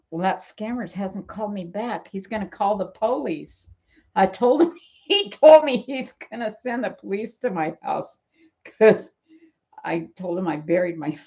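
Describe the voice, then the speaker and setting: An older woman of seventy talks in a loose, rambling way, slightly low in pitch. She laughs often and slips into the voices of the people she quotes. The recording is dull and lo-fi, as if from a cheap home setup. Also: darkish tone. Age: 70s. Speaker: channel host. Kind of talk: rambling live-stream chat. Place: at home in bed.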